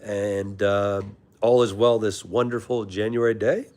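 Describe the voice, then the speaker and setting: A man's voice: on the low side, fairly even intonation, a little slow, darkish tone. A young man hosting a live stream, casually greeting chatters by name and calling them brother. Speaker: livestream host reading chat.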